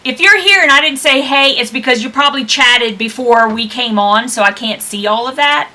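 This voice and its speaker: A woman's voice: on the high side, normal speed, bright, forceful tone. A woman co-hosting a book club livestream over a video call, chatty and laughing often. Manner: chatty, laughs often, reads out attendee names. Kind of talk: casual chat.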